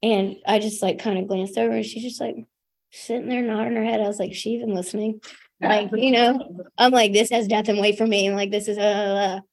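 A woman's voice: mid-range voice, fairly even intonation, fairly quick, darkish tone. Candid woman sharing her recovery story. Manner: casual and self-deprecating, heavy with fillers. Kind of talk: candid personal share at a recovery meeting.

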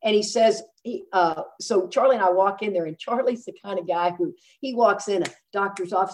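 A woman's voice: medium pitch, brisk, hardly any pauses, a little hiss or hum. A woman, telling a personal story to a recovery group and acting out the voices of the people in it. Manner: animated, acts out quoted voices. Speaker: speaker sharing at a recovery meeting.

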